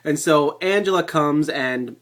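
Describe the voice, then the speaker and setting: A man giving a casual movie review vlog to a webcam, excitable and rambling, swearing freely. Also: a little high, a little slow.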